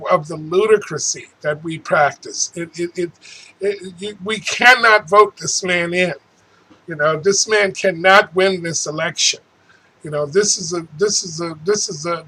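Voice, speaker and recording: A man's voice: high-pitched, pushed and bright, breathy edge, poor audio. A man hosting his own show, ranting angrily and profanely about politics, stumbling over restarts as he goes. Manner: angry, profane, stammering restarts. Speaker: host. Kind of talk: political rant.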